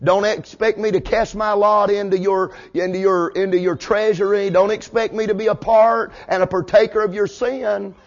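A middle-aged man preaching a fiery revival sermon, dropping to a hush and then rising to a shout. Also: high voice, steady tone, moderate pace, hardly any pauses. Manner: swings from hushed to shouting, calls out amen. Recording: dull lo-fi sound.

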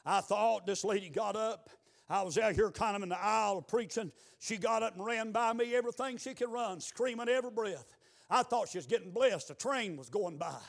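Gravelly high-voiced preacher. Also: male voice, moderate pace. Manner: swings from quiet storytelling to shouted exhortation. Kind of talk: revival sermon. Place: church building.

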